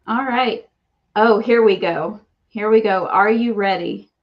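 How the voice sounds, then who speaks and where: A woman's voice: medium pitch, unhurried. Easygoing woman on a dull lo-fi line. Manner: easygoing, laughs readily. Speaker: co-host. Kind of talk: casual wrestling chat.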